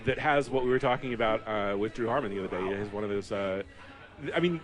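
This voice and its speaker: A man's voice: on the low side, fast talker. A man in his thirties co-hosting a podcast, chatting casually in a bar, rambling with lots of fillers. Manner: rambling, heavy with fillers and restarts. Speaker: podcast co-host.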